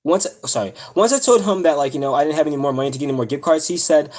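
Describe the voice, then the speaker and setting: A man's voice: fairly high pitch, rapid-fire, darkish tone. A young man on a live stream telling a personal story, upset and close to tears, rambling with many fillers and restarts. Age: young adult. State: near tears.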